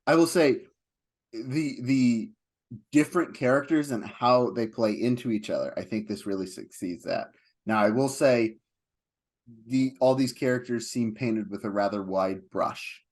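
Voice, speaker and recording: Man, film podcast co-host, casual rambling chat, animated retellings, even middle pitch. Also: unhurried.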